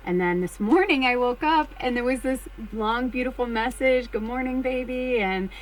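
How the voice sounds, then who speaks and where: A woman's voice: a little high, moderate pace, a little hiss or hum, rough recording. A middle-aged woman who works as a spiritual medium, telling a personal story to her viewers in a candid, chatty way and swearing freely. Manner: chatty and candid, swears freely, gets excited and shrieks when retelling.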